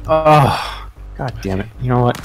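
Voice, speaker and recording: A man's voice: medium pitch, animated, a little slow, faint music behind. A man playing a game with friends, swearing constantly and ranting in frustration. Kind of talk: heated multiplayer gaming chat.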